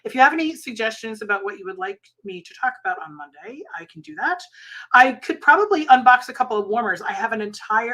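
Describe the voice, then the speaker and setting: Chatty bright-voiced woman rambling at home. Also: on the high side. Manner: chatty, rambling, laughs often. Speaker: Scentsy consultant and channel host. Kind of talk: casual livestream chat.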